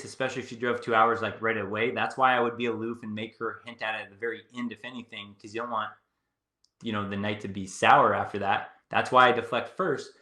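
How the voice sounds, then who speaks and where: A man's voice: mid-range voice, sharp tone, roomy sound. A young adult man giving casual dating advice in a confident, breezy, repetitive way. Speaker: dating coach. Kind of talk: casual coaching chat.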